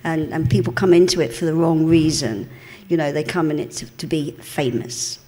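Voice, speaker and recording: An older woman with an East End London accent, a guest in a live stage interview, telling chatty, animated stories and often laughing. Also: low voice, normal speed. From England. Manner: chatty, animated storyteller, laughs often, calls people darling. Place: cinema auditorium with a live audience. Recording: long hall reverb.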